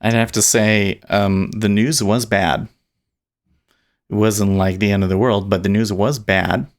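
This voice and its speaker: A man's voice: lowish voice, fairly even intonation, measured pace. A man talking casually and rambling as he streams his live day trading, often restarting and chuckling. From Utah.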